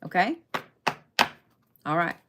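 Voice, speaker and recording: A woman's voice: slow pace, a bit bright, slight background noise. A young adult woman giving a casual, chatty tarot reading, emphatic and checking in with her listeners often. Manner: chatty, emphatic, frequent "okay?" check-ins, swears casually. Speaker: tarot and zodiac reader.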